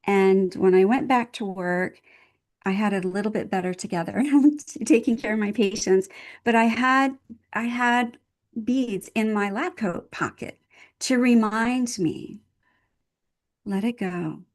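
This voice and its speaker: A woman's voice: mid-range voice, measured pace. An older woman, a nurse and guest speaker, telling a personal story in an interview in an earnest, heartfelt way, leaning on repeated phrases for emphasis. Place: at home in Texas.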